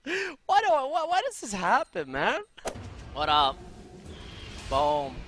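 A man streaming his gameplay live, firing off brash, profane commentary in a bright, forceful voice. His pitch leaps all over, dropping to low mutters and jumping into loud yells. Faint game music plays behind him. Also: huge pitch swings, slow.

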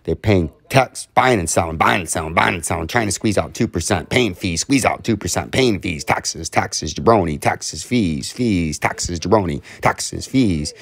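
A man's voice: sits low, animated, moderate pace, gravelly, few pauses, no room sound. A man hosting casual chart commentary, rambling with jokes and repetitive riffs. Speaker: host.

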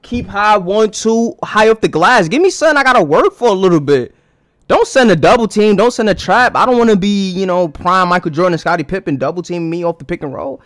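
Blunt young man, high voice, dry sound. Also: animated, a little fast, fairly bright tone, dry recording. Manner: blunt and crude, slangy, riffing on basketball moves. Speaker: host reacting to a dating video. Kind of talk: casual reaction commentary.

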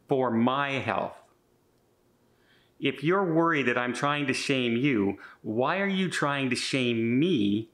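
Fifty-something guy rambling on his vlog, earnest, keeps restarting sentences, middle pitch. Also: fairly bright tone. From Canada. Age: 50s. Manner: chatty, rambling, with frequent restarts; earnest and defensive. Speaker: vlogger. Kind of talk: casual vlog monologue.

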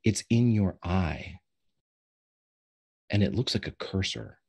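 Deep husky game master. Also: male voice, darkish tone. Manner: slows down for dramatic reveals. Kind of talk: narrating a tabletop role-playing game.

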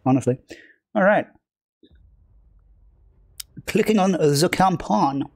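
This streamer's voice is high-pitched, animated and a little mellow, and he takes his time as he rambles casually through a live game session, joking at his own expense with viewers. The recording is dry.

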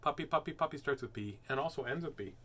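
A man's voice: mid-range voice, animated, quick pace, a bit bright, a little hiss or hum. An older man hosting a live picture-book reading, playful and chatty, easily amused as he talks to his viewers. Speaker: host reading picture books aloud. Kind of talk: live read-aloud stream.

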